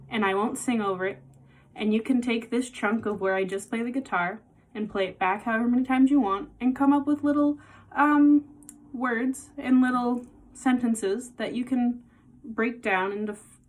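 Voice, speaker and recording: A woman giving a casual songwriting lesson, patiently explaining and counting beats aloud, with guitar playing behind her. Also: on the high side. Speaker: music teacher.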